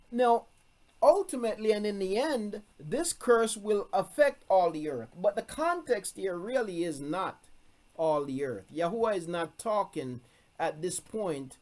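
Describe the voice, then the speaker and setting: Speaking in a high voice with a darkish tone, a man teaches scripture to a congregation tuning in by video call. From a room, he reads verses aloud and stresses his main points by repeating them.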